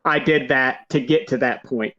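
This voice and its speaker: A man from Michigan hosting a podcast, telling stories in a relaxed, laughing way. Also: medium pitch, moderate pace, a crowd in the background. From Grand Rapids, Michigan. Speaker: podcast host. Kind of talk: casual chat. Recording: slightly dull lo-fi sound.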